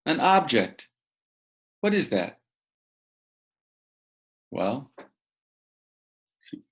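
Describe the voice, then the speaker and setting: A man's voice: medium pitch, big pitch swings, drawn-out words, a bit bright. A man teaching vocabulary to young learners, patiently repeating words and asking the listener to say them back. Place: room with a bed, indoors.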